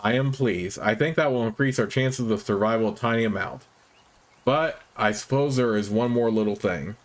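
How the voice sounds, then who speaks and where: An earnest young woman scout, guarded and practical, as a man reads her lines aloud from a fantasy game. Her lines come out clipped and matter-of-fact, in an ordinary middle-pitched voice. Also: moderate pace, natural voice.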